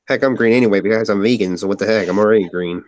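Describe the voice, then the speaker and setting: A man's voice: lowish voice, very fast, lo-fi sound, a little hiss or hum. Joking man chatting on a live stream. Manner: jokey, laughs often. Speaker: co-host coloring a drawing on a live stream. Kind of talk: casual live-stream chat.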